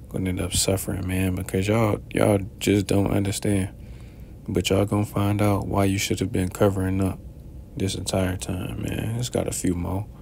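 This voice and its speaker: A man with a very deep, flat, gravelly voice hosts his own commentary show. He rambles in a preachy way, filling his talk with fillers, over a faint low rumble. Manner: rambling, many filler words. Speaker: commentary channel host. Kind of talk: preachy commentary on played clips.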